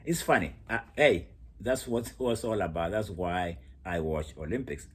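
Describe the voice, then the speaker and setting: A man giving a casual, animated monologue analyzing track races, often laughing as he talks. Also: sits low, moderate pace, slightly rough. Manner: laughs often while talking, animated storytelling. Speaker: athletics commentator.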